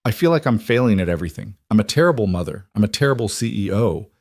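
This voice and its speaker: A man's voice: lowish voice, animated, fast, a little mellow, dry recording, studio quality. A man voicing an exhausted young woman, a new mother and company chief, anxious and tearful in a storybook reading. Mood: overwhelmed. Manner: anxious, tearful and self-doubting. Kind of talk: storybook dialogue.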